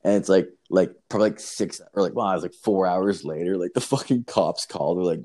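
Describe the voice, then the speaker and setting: A man's voice: low voice, a little fast, dark tone. A man telling a story in casual chat, rambling and swearing, with lots of filler words.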